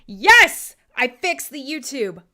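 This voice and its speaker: A woman's voice: high voice, very animated, takes it slowly, bright, forceful tone. A woman hosting a live stream in casual chat, joking, swearing freely and laughing often. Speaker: host.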